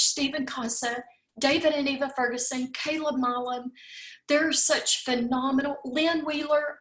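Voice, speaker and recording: A woman's voice: high voice, fairly bright tone. Tearful woman, echoey farewell. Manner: heartfelt, repeats words, says y'all. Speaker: host of an online coffee talk. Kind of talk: emotional farewell speech.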